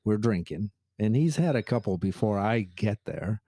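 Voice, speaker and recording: Warm and expressive, his lowish voice moves at a moderate pace while he co-hosts a podcast, chatting and storytelling with frequent laughter. The recording is clean studio sound without echo.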